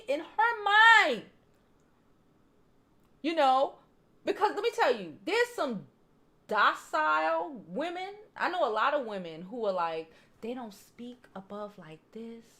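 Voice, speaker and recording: A woman hosting a casual celebrity gossip chat, blunt and profane, reading viewer comments and talking straight to her audience, calling them "child" and "y'all". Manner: swings between loud animated bursts and low near-murmurs. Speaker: host. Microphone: home streaming setup, waiting on new mics.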